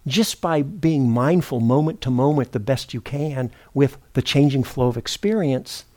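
A middle-aged man giving a meditation teaching at a retreat center, speaking in an unhurried, thoughtful way, often pausing to correct himself. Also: mid-range voice, a little mellow. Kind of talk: dharma talk.

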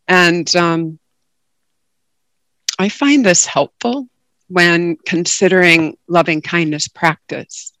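A woman giving a calm, reflective dharma talk as a guest meditation teacher over a video call. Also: lowish voice, dry recording.

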